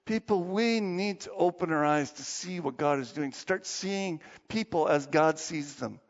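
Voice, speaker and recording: Gravelly preacher in a big hall. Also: male voice, measured pace. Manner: animated storytelling, lowers into quiet prayer. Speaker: pastor. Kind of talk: sermon. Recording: dull with long hall reverb.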